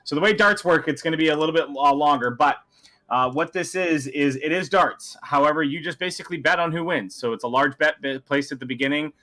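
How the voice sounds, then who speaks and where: Rambling game master man, bright voice. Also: fairly high pitch, fairly quick. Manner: rambling, self-correcting explanations. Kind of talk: casual tabletop game narration.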